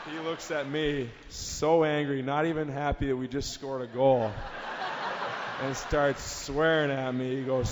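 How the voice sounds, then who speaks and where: A man spins a lively anecdote from a panel stage, laughing as he goes and acting out the shouting. His mid-range voice rings through a long-reverb convention hall. A faint ambient murmur sits underneath. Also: medium pitch, normal speed, noisy background. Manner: lively storyteller, laughs at own story, acts out yelling. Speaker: hockey team captain on a fan panel. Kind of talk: anecdotal storytelling at a fan panel.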